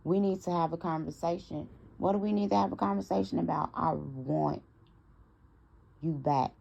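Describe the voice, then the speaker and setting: Low gravelly woman telling a story. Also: moderate pace, highs cut off. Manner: animated, talks straight to her audience, acts out quoted dialogue. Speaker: storytime vlogger. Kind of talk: casual storytime to viewers.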